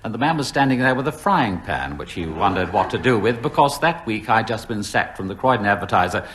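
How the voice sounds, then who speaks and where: A man's voice: on the low side, lively intonation, fairly quick, a bit bright. A man on a comedy panel game telling a rambling anecdote on a 1970s radio recording.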